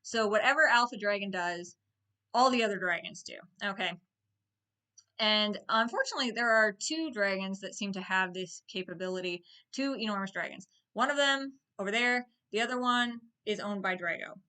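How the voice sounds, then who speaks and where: A chatty woman retelling a film's plot with a bright, clear tone. She talks casually and expressively, jumping into characters' lines as she goes. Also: mid-range voice. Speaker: movie vlogger. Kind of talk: casual movie recap.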